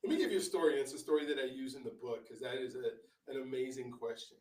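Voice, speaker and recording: A man's voice: medium pitch, quick pace, a little mellow. A male author, a guest on an interview, telling stories in a rambling way with many fillers and restarts. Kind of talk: casual interview storytelling. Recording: roomy, distant from the mic.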